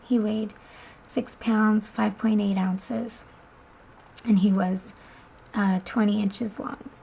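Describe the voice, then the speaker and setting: Young mom, 20s, relaxed casual storytelling, gravelly edge, mid pitch. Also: female voice, slow, a little hiss or hum, low-quality recording. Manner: chatty, many ums, laughs often. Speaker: mother telling a birth story.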